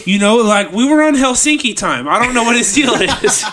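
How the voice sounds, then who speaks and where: A man's voice: extremely high pitch, big pitch swings, normal speed, pushed and bright. A man co-hosting a comedy podcast, joking around and often stammering and repeating words. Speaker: podcast co-host.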